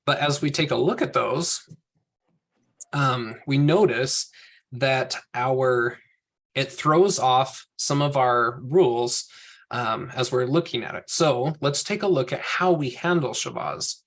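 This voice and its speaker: In a slow, slightly bright mid-range voice, a teacher walks students through slide-based examples. He is patient and methodical, reasoning out loud through each step.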